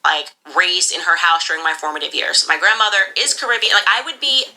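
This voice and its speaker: An emphatic woman rants in a rapid, insistent monologue. Her voice sits low and pushes forward with a sharp, forceful edge. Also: animated, rough recording. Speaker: podcast commentator. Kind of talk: opinionated monologue.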